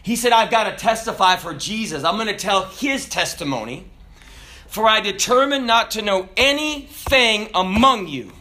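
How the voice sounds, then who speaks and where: A man preaching a sermon, emphatic and animated, with dramatic pauses. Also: high-pitched.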